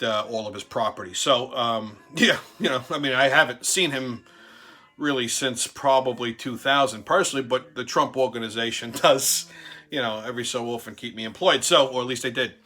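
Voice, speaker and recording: A middle-aged man telling a story in a casual, profane, animated way, laughing as he talks. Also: mid-range voice. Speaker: show host.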